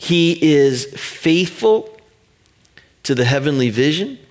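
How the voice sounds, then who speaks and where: A middle-aged man pastor preaching a sermon, earnest and emphatic, stretching out pauses to land his points. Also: fairly high pitch, animated.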